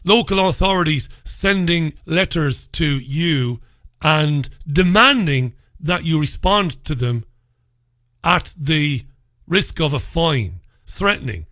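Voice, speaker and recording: A man's voice: a little high, expressive, slow, bright, forceful tone, no room sound, clean studio sound. A man hosting a radio talk show, chatting casually, telling blunt jokey stories and swearing freely. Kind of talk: casual chat show with newspaper review.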